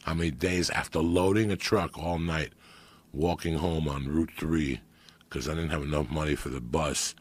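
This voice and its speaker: A middle-aged man, telling profane street stories on a podcast, swinging between loud bursts and hushed asides. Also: rumbling low, steady tone, normal speed, breathy edge. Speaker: comedian guest. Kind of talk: storytelling podcast chat.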